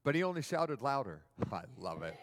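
A man preaching a sermon in a church hall, animated and asking the audience questions. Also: mid-range voice, moderate pace. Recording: long reverb of a large hall.

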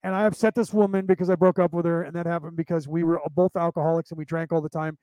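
A middle-aged man tells a long personal story on his podcast, rambling and swearing, often restarting his sentences. His voice sits high for a man yet has a mellow, relaxed timbre. The sound is dry and close, with no room echo. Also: fast talker. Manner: rambling, profane, with many restarts. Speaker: podcast host. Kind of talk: casual storytelling monologue.

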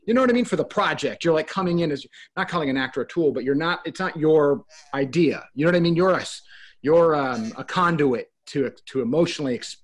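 Male co-host, slightly high voice, lively chat, plays out the people he quotes. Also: fairly quick. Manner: animated, acts out quoted voices. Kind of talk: casual talk-show chat.

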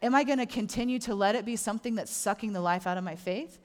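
A middle-aged woman preaches a sermon as a pastor. Her delivery is animated, and she acts out the voices of the people she quotes. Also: mid-range voice, quick pace.

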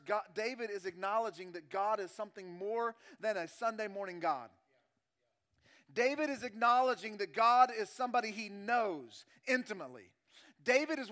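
A male pastor preaching a sermon, moving between loud emphatic passages and hushed, drawn-out phrases, repeating key lines slowly for weight. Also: very high voice.

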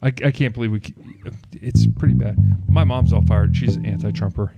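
A man in casual political chat, animated and exasperated as he rants. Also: lowish voice, brisk, creaky, muffled recording. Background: loud guitar music.

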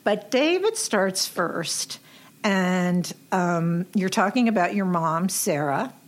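A woman's voice: lowish voice, animated, slow pace. Chatty, effusive woman host. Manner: chatty and effusive, laughs often. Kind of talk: casual interview chat.

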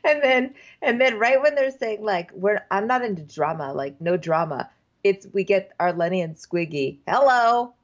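A woman's voice: mid-range voice, moderate pace. A woman co-hosting a casual comedic recap chat, retelling scenes and quoting people in put-on voices. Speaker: podcast co-host. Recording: dull lo-fi sound.

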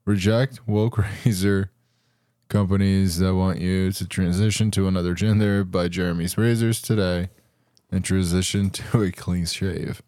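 A man voicing a gruff, macho announcer in a mock razor commercial, delivering a blunt, brash sales pitch. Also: fairly even intonation, a little slow, mellow, no room sound, studio quality. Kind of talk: parody commercial read.

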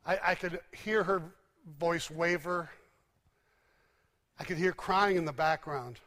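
Man, sermon, emphatic storyteller, hushed endings, slightly high voice, big reverberant church. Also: slow. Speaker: preacher. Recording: long hall reverb.

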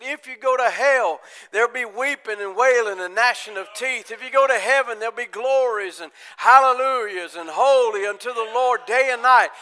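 A man preaching in church, his voice high and clear. He tells stories full of quoted voices and lifts from easy talk into ringing, fervent preaching. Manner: builds from quiet talk to loud, high-pitched preaching. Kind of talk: Pentecostal-style sermon.

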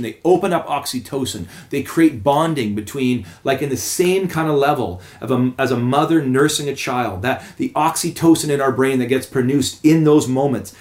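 Male podcast co-host, animated, acts out quotes while telling stories. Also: medium pitch, reverberant. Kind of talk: casual podcast conversation.

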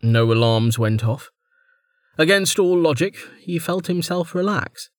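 A man narrating a fantasy audiobook in steady, measured scripted narration. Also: fairly high pitch, dry recording, studio quality.

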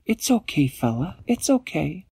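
Small gentle helper girl, soothing, played by a man; bedtime story, dry close sound. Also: medium pitch, sing-song, a little slow, creaky, slightly rough, no echo, pitched above the performer's own voice, full character voice.

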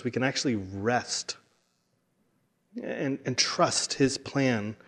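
A pastor preaches with earnest, heartfelt conviction, his voice at an average pitch for a man. He often stumbles over his words and repeats them while pushing ahead.

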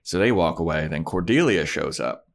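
Lowish-voiced man recapping a show. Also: normal speed, creaky. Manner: animated retelling, voicing characters with pitch jumps. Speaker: podcast co-host recapping a TV episode. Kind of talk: casual chat.

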